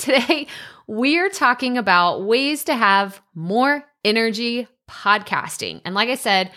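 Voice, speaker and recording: A woman's voice: mid-range voice, fairly bright tone. A woman hosting a solo podcast, chatty and upbeat, laughing often and using lots of fillers. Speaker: podcast host.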